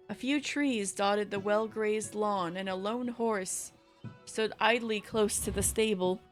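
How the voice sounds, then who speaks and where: A woman streamer reads a story aloud at a middle pitch and breaks in with casual joking asides. Soft game music plays faintly underneath.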